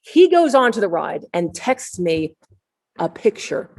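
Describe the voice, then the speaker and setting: Lively, animated woman preaching. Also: on the low side, unhurried, creaky. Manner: storytelling, animated, rising to near-shouting excitement. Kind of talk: sermon. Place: online service, shared screen.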